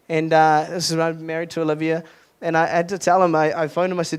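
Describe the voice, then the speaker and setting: A man's voice: a little high, little pitch movement, fast talker, smooth. A young adult man, a youth pastor, giving a casual, earnest sermon at a retreat with lots of restarts and fillers.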